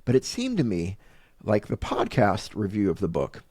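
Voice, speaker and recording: A man co-hosting a podcast, thinking aloud with enthusiasm and a quick laugh. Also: fairly low pitch, huge pitch swings, a little mellow, husky, dry recording, studio quality. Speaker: podcast co-host. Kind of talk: casual chat.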